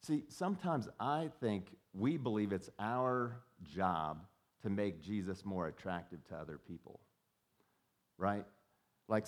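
With a low voice, a pastor preaches a sermon conversationally, often repeating words as he begins a thought and acting out the voices of people he quotes.

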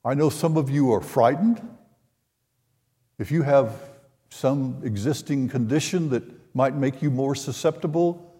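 An older man preaching a sermon, retelling a scripture story in an unhurried way and voicing the quoted lines. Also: medium pitch, mellow. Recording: long hall reverb.

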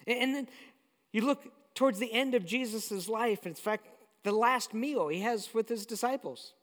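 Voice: medium pitch, moderate pace. A pastor preaching a sermon in a conversational, storytelling way. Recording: long hall reverb.

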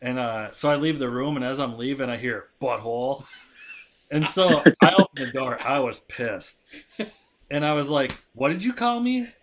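A man's voice: mid-range voice, normal speed, fairly bright tone. A man in his thirties, a podcast co-host, telling a rowdy story and acting out the dialogue, swearing freely. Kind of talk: casual storytelling.

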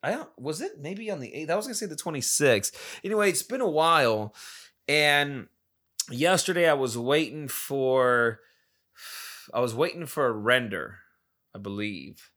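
Brief: male solo podcast host, English as a second language, loose profane rambling, bright tense tone. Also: medium pitch, expressive, moderate pace. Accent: non-native English. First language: not English. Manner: rambling, profane, many restarts and repetitions. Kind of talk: casual solo podcast monologue.

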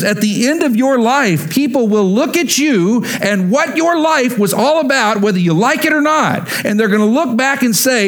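A man preaching a sermon in a church, animated and playful, acting out scenes in voices and throwing in humorous asides. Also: sits high, normal speed. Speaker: pastor.

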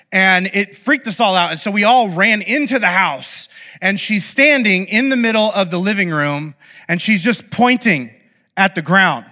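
A man with a high, sharp, bright voice delivers a lively, self-deprecating story sermon. He keeps breaking off to joke with the congregation. The sound carries a long reverb from a big church hall. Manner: animated, self-deprecating, fast asides to the audience. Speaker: pastor.

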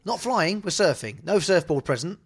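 A man's voice: high voice, lively intonation, normal speed, slightly rough. A man co-hosting a comedy podcast, arguing and nitpicking in casual chat. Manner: argumentative, nitpicking. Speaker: podcast co-host.

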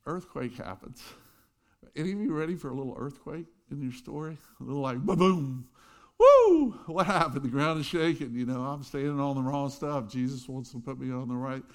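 A middle-aged man preaching a sermon, telling stories with loud bursts and quiet asides. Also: medium pitch. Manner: animated storytelling, swings between loud bursts and quiet asides. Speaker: pastor.

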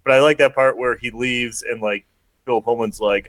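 A man's voice: medium pitch, steady tone, moderate pace, a bit bright, no room sound. Chatty man rambling through a movie recap. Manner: rambling, many fillers, laughs while retelling. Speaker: podcast co-host. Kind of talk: casual movie recap chat.

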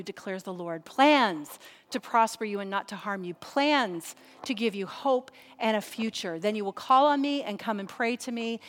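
A woman delivers a sermon from a pulpit, building emphasis through repetition and dramatic pauses. Her voice carries a long reverb tail, as if recorded in a large hall. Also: mid-range voice. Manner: emphatic preaching with repeated phrases and dramatic pauses. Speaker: pastor.

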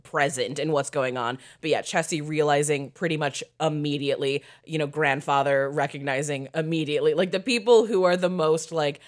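A woman's voice: sits low, fairly even intonation, moderate pace, few pauses. A woman hosting a podcast, chatting casually with frequent giggles and thoughts that trail off. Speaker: podcast host. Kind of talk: casual chat.

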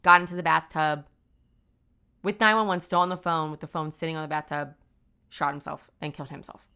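A woman with a fairly low but bright, crisp voice narrating a story for a podcast. She talks loosely and casually, leaning heavily on "like" as she retells events. The delivery is conversational. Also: fairly even intonation, fairly quick. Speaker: podcast host.

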